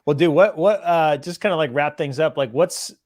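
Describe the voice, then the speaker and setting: Laid-back host, dry close sound. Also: male voice, fairly high pitch, normal speed, a little mellow, no echo. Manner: laid-back, laughs often, calls the guest dude. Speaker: podcast host. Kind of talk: casual podcast interview.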